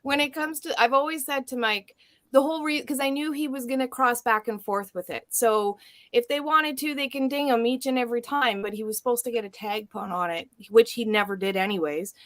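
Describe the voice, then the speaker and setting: A woman's voice: fairly high pitch, fairly quick, low-quality recording. A woman from Canada hosting a livestream, telling stories in casual chat. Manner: chatty storyteller. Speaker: livestream host.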